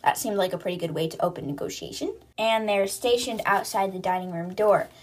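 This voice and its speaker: A woman's voice: mid-range voice, a little fast. A woman hosting a podcast, chattily retelling a novel's scenes in a casual book recap, quoting characters with "she's like". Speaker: podcast host.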